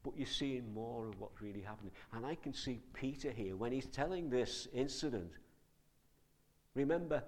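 A man preaching a sermon, his voice sitting in a middle range for a man. He keeps it conversational and animated and throws question after question at his listeners. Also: mid-range voice, moderate pace.

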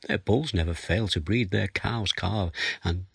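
A man's voice: sits low, unhurried, gravelly, slightly rough, dry recording. A man preaching a sermon, explaining a passage of scripture verse by verse and reading it aloud. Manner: expository, reads scripture aloud.

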